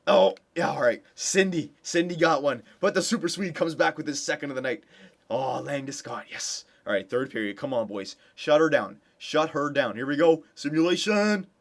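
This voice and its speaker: Young male gameplay commentator, eager and chatty, swings between hyped cheering and low muttering. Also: normal speed. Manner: excited cheering for his team. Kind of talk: casual video game commentary.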